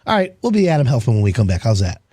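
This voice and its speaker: Male talk-radio host with a warm, slightly husky voice, rambling and upbeat. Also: medium pitch, very animated, very fast, dry recording, clean studio sound. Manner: rambling, enthusiastic salesman patter. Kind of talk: casual on-air talk.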